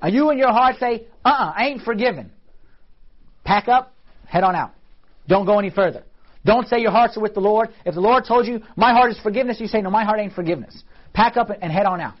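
A man's voice: sits high, fast, lo-fi sound. A man teaching a church class on the liturgy in a casual, conversational way, often asking his listeners questions.

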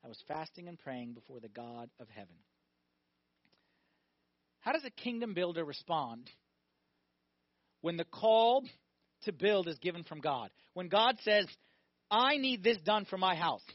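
A man preaching a lively sermon as a priest, often asking his listeners questions. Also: sits high, measured pace, long pauses, dry recording. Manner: animated, asks the congregation questions. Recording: dull, dry recording.

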